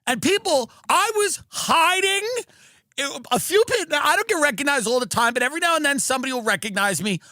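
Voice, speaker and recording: A man ranting through a comedic monologue, animated, mimicking agents and fans in mocking voices. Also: extremely high pitch, brisk, dry recording, studio quality. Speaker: comedian and podcast host. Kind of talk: comedic rant.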